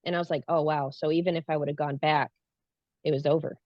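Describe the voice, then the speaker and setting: A woman's voice: low-pitched, flat delivery, fast talker, darkish tone, dry recording. A woman guest telling an earnest personal story in a casual way, acting out the things she said at the time. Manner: earnest, acts out her own past lines. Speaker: guest recounting a spiritual experience. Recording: dull lo-fi, dry sound.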